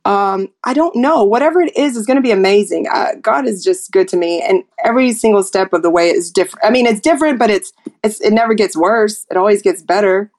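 A woman's voice: medium pitch, brisk, darkish tone. Outspoken woman in her forties. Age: 40s. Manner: outspoken, acts out her client calls. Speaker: photographer and guest. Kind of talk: casual chat on a live audio room.

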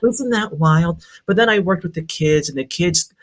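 A man from Hawaii, a psychic medium on a podcast, telling a story in a lively way and laughing as he goes. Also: a little high, normal speed. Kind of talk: casual storytelling.

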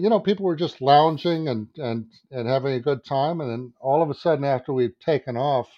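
Animated man telling a profane anecdote. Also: medium pitch. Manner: animated, swearing, acts out his own inner voice. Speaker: guest, advertising creative director. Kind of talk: anecdotal storytelling in a podcast interview. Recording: dull lo-fi sound.

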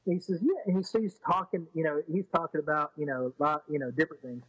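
Rambling storyteller man, slightly high voice. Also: fast talker, a bit bright, husky, no room sound, lo-fi sound. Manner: rambling, with many restarts, acting out quoted speech. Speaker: interviewee telling a personal story. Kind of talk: casual storytelling.

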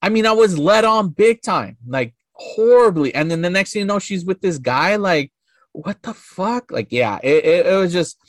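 A man's voice: sits high, lively intonation, moderate pace, few pauses, no room sound, clean studio sound. A man in his thirties, a podcast guest telling a story casually in a rambling, profane way full of filler words.

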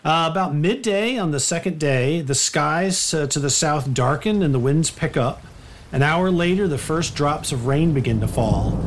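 A man's voice: fairly high pitch, background noise. A man narrating a tabletop game as game master, loose and rambling, full of fillers.

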